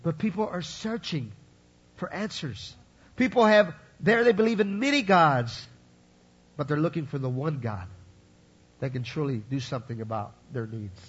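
A man preaches with a high, breathy-edged voice, tossing in quick asides to keep the congregation with him. The recording is muffled and dull, with little treble. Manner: conversational preaching, frequent "right?" and "you follow?" asides. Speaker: pastor. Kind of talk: sermon.

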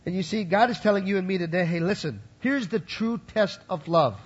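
Speaking fairly quickly in a high, husky voice, a pastor delivers a sermon to his congregation in a conversational style, with the highs cut off in the audio. He keeps checking in with listeners through frequent "right?" and "you follow?" asides.

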